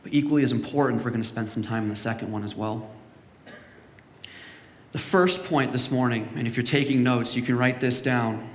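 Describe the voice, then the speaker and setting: A man's voice: mid-range voice, fairly even intonation, brisk, a little hiss or hum. A young man from Canada preaching a sermon as pastor, telling stories and acting out the voices of the people in them. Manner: storytelling, acts out quoted voices. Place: church sanctuary. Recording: echoey church hall with long reverb.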